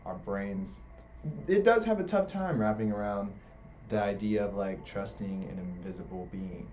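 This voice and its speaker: A man's voice: lowish voice, lively intonation, moderate pace, a little mellow, soft background music. A young man who just finished college, speaking earnestly and reflectively in a casual faith discussion. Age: young adult. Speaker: co-host.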